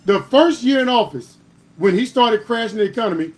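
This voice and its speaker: A man with a strikingly high voice hosts a political commentary stream. He argues with heat, climbing into louder bursts and pinning down each point with a pointed "All right?". His delivery is emphatic and argumentative. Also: animated, brisk, faint music behind. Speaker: host.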